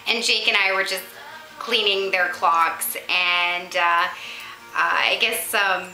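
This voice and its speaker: A woman's voice: lowish voice, steady tone, slow pace, pushed and bright, echoey room, faint music behind, low-quality recording. A woman vlogging unscripted from her condo, rambling with lots of ums and laughs. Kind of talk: unscripted casual chat to camera.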